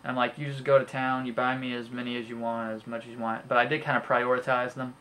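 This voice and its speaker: A man's voice: medium pitch, flat delivery, fast talker, bright, forceful tone, slight background noise. A young man with an ordinary mid-range voice chats his way through a casual haul video. He rambles, fills gaps with ums and uhs, and trips over names he can't read, with faint room sound behind him. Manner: rambling and chatty, full of fillers, stumbles over names. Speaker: home video collector showing his purchases.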